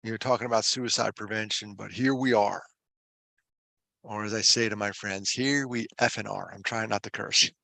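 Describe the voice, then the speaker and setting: A man's voice: fairly low pitch, fairly even intonation, a little fast, gravelly, hardly any pauses, bright, forceful tone, dry recording. A man who runs a suicide prevention foundation, talking with self-deprecating humor and earnest emphasis as a show regular. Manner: earnest and emphatic when driving a point home. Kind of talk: conversational storytelling on a podcast.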